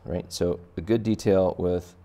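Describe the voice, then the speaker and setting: A man with a deep, gravelly voice leads a relaxed drawing lesson for kids. He talks the viewer through each step and tosses in playful jokes as he draws. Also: measured pace. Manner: chatty, joking asides while sketching. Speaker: art teacher. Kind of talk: casual drawing tutorial for kids.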